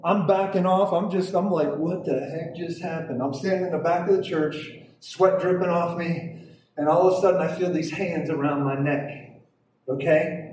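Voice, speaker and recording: High-voiced male preacher in echoey hall. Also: a little mellow. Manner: emphatic, repeats words, asks audience "okay?". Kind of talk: sermon testimony storytelling. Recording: echoey hall, distant mic, faint noise.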